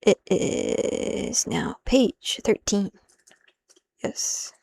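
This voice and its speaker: A woman's voice: extremely slow, a little mellow. A woman live-streaming as she translates a manga, thinking aloud in a rambling, self-interrupting way and dropping in Japanese phrases.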